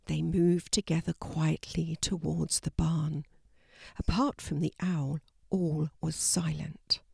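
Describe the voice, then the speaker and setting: An older woman narrating a children's story in a slow, gentle storybook manner. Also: deep voice, flat delivery, vocal fry, husky, dry recording, studio quality.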